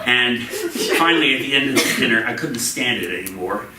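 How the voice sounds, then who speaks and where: An American man telling a funny personal story to a live audience at a story slam, with deadpan comic timing. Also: mid-range voice, brisk, noisy background. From United States. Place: stage in a small venue. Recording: roomy hall, mic at a distance.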